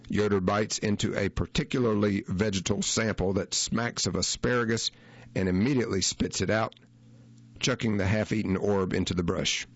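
Low-voiced man reading a story. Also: no room sound, lo-fi sound. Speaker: narrator. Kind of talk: first-person reading of a magazine feature.

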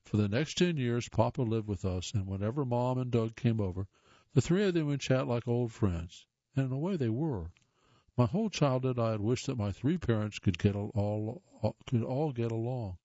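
Mellow man reading stories aloud. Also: mid-range voice, lively intonation, moderate pace, dry recording, highs cut off. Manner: plain reading with occasional stumbles and restarts. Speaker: reader of listener stories.

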